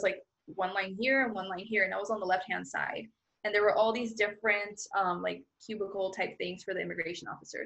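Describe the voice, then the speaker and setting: A woman's voice: medium pitch, vocal fry, a bit bright, rough recording. A woman telling a personal story as a guest in a casual, chatty way, full of "like" fillers, acting out her own thoughts along the way. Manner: chatty, filler-heavy with frequent "like".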